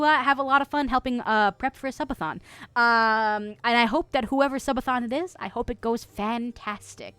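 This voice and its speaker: A woman's voice: on the high side, normal speed, a bit bright, clear, resonant tone. A woman streamer chatting casually with her viewers, giggly and rambling, swearing freely and full of fillers. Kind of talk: casual livestream chat. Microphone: streaming mic.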